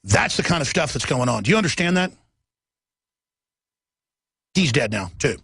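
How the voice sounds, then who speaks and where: A man's voice: mid-range voice, very animated, normal speed, gravelly, a bit bright, slightly rough, no echo. A middle-aged man hosting a talk radio show, ranting in an agitated monologue full of rhetorical questions.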